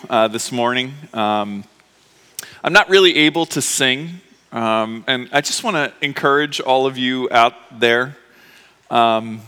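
Medium in pitch, the pastor's voice is sharp and clean, trailing a long reverb in the church sanctuary. He's preaching to his congregation while recovering from appendix surgery, in a chatty, emotional style with many fillers and restarts.

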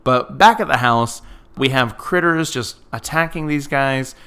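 Bright, smooth-voiced man recapping a movie. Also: medium pitch, measured pace. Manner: chatty, fills with "like" often, laughs easily. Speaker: podcast co-host. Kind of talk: casual movie recap chat.

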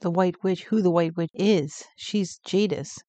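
A woman's voice: on the low side, measured pace, mellow, no echo. A woman co-hosting a podcast, chatting about a book and often affirming her partner. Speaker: podcast co-host. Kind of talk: casual book discussion.

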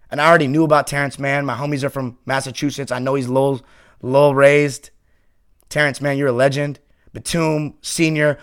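A man hosting a sports podcast, delivering a passionate fan monologue that swings from heated ranting to quiet, heartfelt reflection. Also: on the high side, clean tone.

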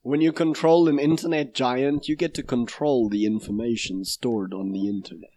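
A man's voice: mid-range voice, fairly even intonation, moderate pace, warm tone. A young man co-hosting a podcast in casual comedic chat, joking and laughing often. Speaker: podcast co-host.

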